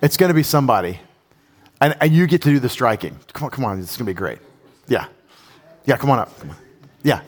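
Animated male pastor, conversational sermon with audience questions, mid-range voice. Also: medium pitch, fast talker, pauses often.

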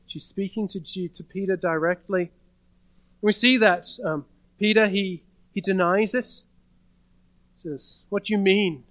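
A male pastor preaching a sermon in a fairly high voice, retelling a story in a relaxed conversational way. He often restarts and repeats words as he goes. The sound is dry and close, with no room echo. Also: measured pace, pauses often.

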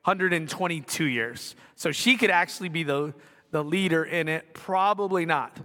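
Middle-aged male pastor, high and bright, chatty with self-deprecating asides, recorded in a reverberant gym. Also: normal speed. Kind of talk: sermon. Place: school gymnasium. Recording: long reverb of a gymnasium.

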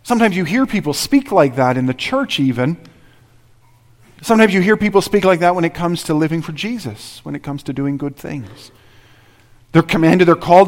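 A man preaching a sermon as pastor, earnest and driving his points home with repeated rhetorical questions. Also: fairly high pitch. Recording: reverberant hall.

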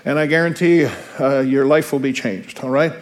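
A male teacher giving an informal lecture, often pausing to check in with his class before reading aloud from a novel. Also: mid-range voice, steady tone.

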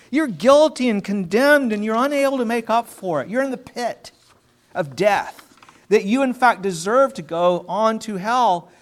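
A man preaching a sermon in an earnest, emphatic way, drawing out key words and repeating himself as he restarts. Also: high voice.

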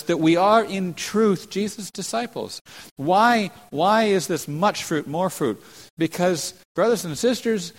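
A man preaching an expository sermon as a pastor, earnest and full of rhetorical questions, often restarting his phrases. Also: high-pitched. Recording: long hall reverb.

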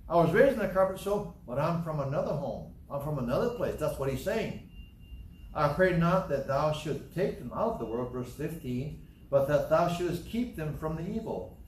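A man preaching in a church or hall, voice somewhat high for a man. He teaches emphatically, repeats his phrases and answers his own questions. The sound is roomy and echoey, picked up from a distance. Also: animated, moderate pace, darkish tone, a little hiss or hum. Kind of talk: sermon, Bible teaching.

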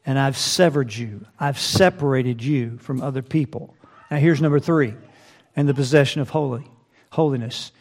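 A man's voice: mid-range voice, moderate pace, darkish tone. A man preaching a sermon, reading scripture aloud and asking the listeners rhetorical questions. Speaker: pastor.

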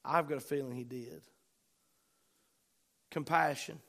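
A man preaching a sermon to a congregation, fervent, rising to loud bursts and dropping to soft asides. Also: medium pitch, fairly even intonation, measured pace. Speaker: pastor.

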